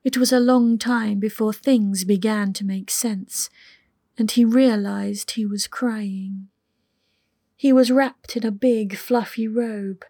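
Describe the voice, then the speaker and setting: A woman narrating an audiobook in a soft, intimate way that often drops to a whisper. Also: a little high, dry recording, studio quality. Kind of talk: scripted narration.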